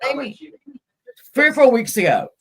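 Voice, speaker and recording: A man's voice: very high-pitched, sing-song, a little slow, a bit bright, breathy edge. A man hosting a casual live stream, chatting and greeting viewers by name as he goes. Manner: chatty, greets viewers mid-sentence, laughs easily.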